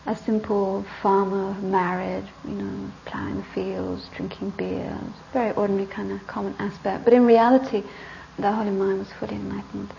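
Soft-trailing woman telling a dharma story. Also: medium pitch, level tone, normal speed, gravelly, slight background noise. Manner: conversational, restarts, trails off softly. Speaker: Buddhist teacher. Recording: dull lo-fi recording.

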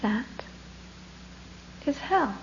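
A woman voicing a small, calm, gentle male Buddhist monk in a told story, speaking quietly and softly, close to a whisper, on a dull lo-fi recording. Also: sits high, drawn-out words, heavily acted. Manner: quiet, soft, near-whispered. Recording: dull lo-fi recording with faint hum.

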